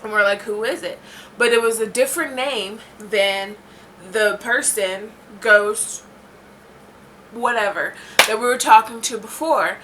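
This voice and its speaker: In a storytime vlog, a young woman tells a spooky story, acting out the dialogue with animation and saying "like" a lot. Her voice is a little high and measured in pace, with background noise behind it.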